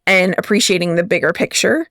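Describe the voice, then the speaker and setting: A woman's voice: on the low side, brisk, fairly bright tone, no echo, studio quality. A woman co-hosting a podcast in casual chat, mostly giving short agreements and then offering her own view. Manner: supportive listener, frequent short agreements. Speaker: podcast co-host.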